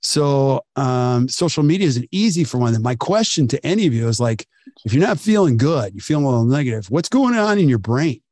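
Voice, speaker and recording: A man's voice: medium pitch, fairly quick, no room sound. A man in his forties talks through a podcast interview, swinging into little acted-out quotes as he tells stories. His voice sits in a middle register. The sound is dry and close, with no room around it. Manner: animated storyteller, acts out quotes. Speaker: podcast host.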